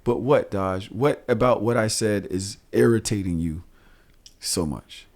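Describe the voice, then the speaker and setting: A man, co-hosting a podcast and telling loose, profane stories full of animated asides. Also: fairly low pitch, a little slow. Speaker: podcast co-host. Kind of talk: casual podcast chat.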